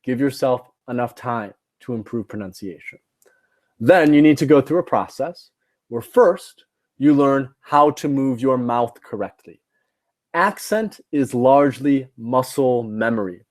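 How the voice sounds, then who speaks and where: A man's voice: medium pitch, animated, unhurried, darkish tone. A man teaching a live online class, explaining points step by step and checking in with "right?" and "okay?". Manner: instructive, repeats points, asks "right?" and "okay?". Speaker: TOEFL teacher.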